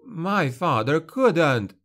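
A man voicing a young male noble in an audiobook, speaking higher and louder with earnest emotion. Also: sing-song, very slow, full character voice. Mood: pleading. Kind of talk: audiobook character voice.

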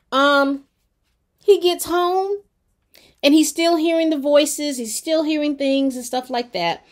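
A woman reviewer casually recapping a TV episode, talking straight to her viewers with expressive, colloquial storytelling and plenty of fillers. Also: sits high, slow pace. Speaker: TV show reviewer.

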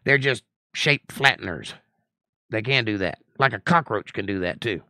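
Blunt, bright-voiced middle-aged male teacher. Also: on the low side, expressive, normal speed, no room sound. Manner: blunt, assertive, lecturing. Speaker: Bible study teacher and host. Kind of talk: live-stream Bible study, reading out viewer comments.

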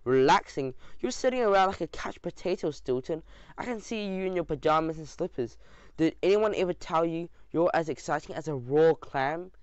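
A man voicing a loud, pushy adult male mouse adventurer who bellows his orders in a storybook reading. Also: fairly high pitch, expressive, normal speed, no room sound, natural voice. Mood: bossy. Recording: dull dry lo-fi sound.

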